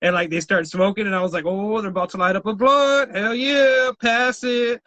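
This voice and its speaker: A man's voice: very high-pitched, fairly quick, hardly any pauses, no echo, rough recording. A man co-hosting a podcast, telling wild stories in casual chat, swearing and laughing often. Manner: animated storyteller, swears a lot, laughs often. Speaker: podcast co-host.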